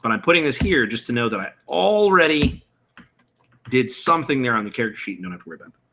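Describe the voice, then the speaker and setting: A man's voice: mid-range voice, very animated, fast, pushed and bright. A man explaining character creation on a live stream in a casual, rambling way, thinking aloud and answering viewer chat. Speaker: streamer building a game character. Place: room at home with window blinds.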